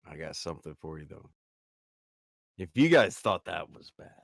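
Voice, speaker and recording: A man's voice: deep voice, very animated, moderate pace, creaky, a bit bright. A man hosting a casual stream show, chatting and reading viewer comments aloud. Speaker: host.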